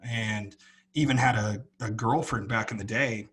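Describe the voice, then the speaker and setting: Husky-voiced man in earnest podcast chat. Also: fairly low pitch, fairly even intonation, unhurried, a bit bright. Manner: earnest, rambling with many restarts. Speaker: podcast co-host. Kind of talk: casual chat.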